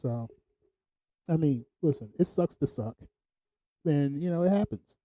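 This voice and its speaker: A man's voice: fairly high pitch, measured pace, dark tone, no echo, rough recording. A man hosting a podcast, telling laid-back stories, laughing often and swearing freely. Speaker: podcast host. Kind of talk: casual storytelling.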